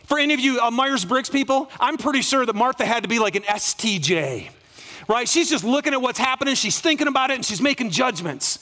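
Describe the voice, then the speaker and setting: A male pastor preaching a sermon to a congregation, animated, acting out dialogue and asking the room for responses. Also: very high voice, a little fast.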